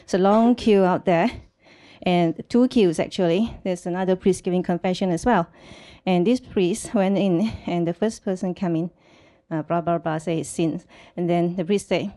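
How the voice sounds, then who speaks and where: A woman's voice: fairly low pitch, fairly even intonation, moderate pace, mellow. A woman telling a joke in casual chat, giggling as she tells it. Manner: giggly storyteller, laughs through the telling.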